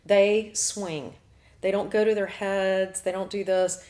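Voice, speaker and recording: A woman's voice: mid-range voice, little pitch movement, takes it slowly, darkish tone. A woman hosting a talk show as an astrologer, chatting casually with blunt asides and frequent laughs. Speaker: astrologer host.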